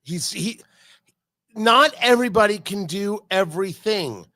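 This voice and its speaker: Host, male; high, bright voice; emphatic, stammering opinions in a loose chat. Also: animated, unhurried. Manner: opinionated, emphatic, stumbling restarts. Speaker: podcast host. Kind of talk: casual chat about football.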